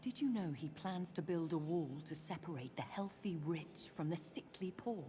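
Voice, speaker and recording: A woman playing a whispering low-voiced aristocrat. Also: normal speed, natural voice. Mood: conspiratorial. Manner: hushed conspiratorial whisper. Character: secretive aristocratic woman informant. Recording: game audio with noise.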